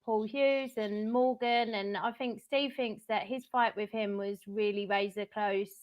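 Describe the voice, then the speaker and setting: A woman's voice: mid-range voice, fairly even intonation, unhurried, poor audio. Woman, Essex accent, podcast co-host, chatty, casual.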